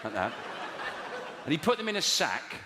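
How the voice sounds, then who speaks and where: A man doing stand-up comedy, telling rambling, deadpan stories and bantering with the crowd in a live venue. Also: on the high side, normal speed, background noise. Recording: echoey live venue, loud audience.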